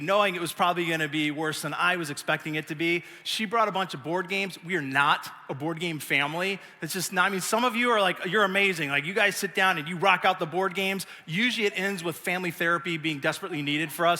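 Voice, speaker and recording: Bright-voiced middle-aged pastor preaching. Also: male voice, a little high. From United States. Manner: animated, self-mocking storytelling. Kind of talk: sermon. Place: large church auditorium. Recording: long reverb of a church hall.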